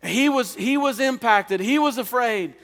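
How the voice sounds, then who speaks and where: A man, a pastor, preaching a revival sermon as an earnest personal testimony, often halting and repeating words. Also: extremely high pitch, a bit bright. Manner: earnest storytelling with halting restarts. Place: chapel. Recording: long reverb of a chapel.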